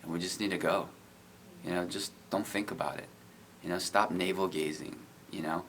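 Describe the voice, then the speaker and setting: A man's voice: low voice, steady tone, moderate pace, a bit bright, slight background noise. A middle-aged man telling of his faith and street outreach in an earnest, casual way, often saying "you know". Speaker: guest, IT business owner. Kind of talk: casual testimony.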